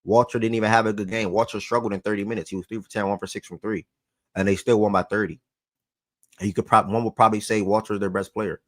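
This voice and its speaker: With a deep voice and no room sound, a man hosts a sports talk show in a loose, slangy style. He repeats phrases for emphasis and gets worked up.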